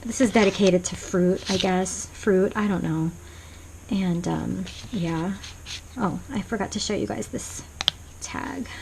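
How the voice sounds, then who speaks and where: A woman's voice: mid-range voice, unhurried, creaky, rough recording. Female craft vlogger, casual and meandering, mid-range voice, home desk recording with slight background noise. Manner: rambling and soft-spoken, many ums and restarts. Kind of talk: casual show-and-tell flip-through.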